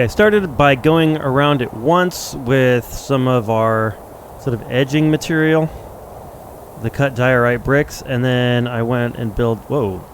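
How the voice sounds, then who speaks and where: A man's voice: medium pitch, noisy background. A man giving casual gameplay commentary, thinking aloud as he goes and correcting himself.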